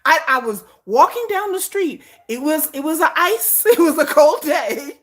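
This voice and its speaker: A woman in casual chat, who laughs a lot and slips into playful voices for little scenes. Her voice sits a bit high and swings all over the place. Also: lively intonation, normal speed. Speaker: vlogger.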